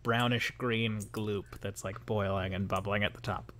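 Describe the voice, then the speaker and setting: A man's voice: lowish voice, steady tone, normal speed, fairly bright tone, a little hiss or hum. A man running a tabletop game, narrating scenes in a descriptive way with many fillers and hedges. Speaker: game master.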